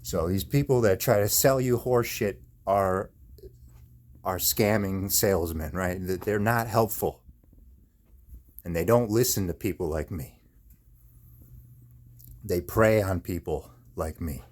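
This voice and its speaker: Man in chronic pain, slightly low voice, angry profane rant to camera, repeats himself. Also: slow pace, pauses often, a little mellow. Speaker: video maker. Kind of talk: angry ranting monologue.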